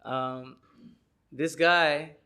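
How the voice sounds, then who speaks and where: Lively male lecturer telling a story. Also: fairly high pitch, very slow. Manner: animated, acts out people he describes and sings chants.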